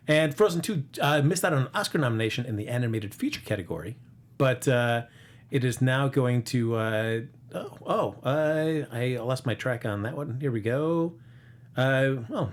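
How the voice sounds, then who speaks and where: A man hosting a casual box office chat, rambling through the figures with lots of fillers and jokes. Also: mid-range voice. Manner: rambling, filler-heavy, joking. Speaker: host.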